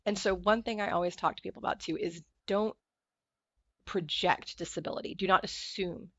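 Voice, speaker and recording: A woman's voice: on the low side, normal speed, dry recording, dull audio. A woman speaking as a podcast guest, telling stories animatedly and acting out the voices of other people. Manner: animated storyteller acting out quoted dialogue. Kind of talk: conversational interview.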